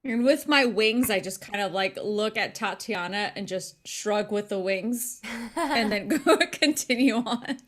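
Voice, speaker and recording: Rich: A woman at a tabletop game, talking in a hesitant, giggly way with plenty of fillers. Her voice sits at an average pitch. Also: a little slow. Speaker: player. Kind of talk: casual tabletop role-play.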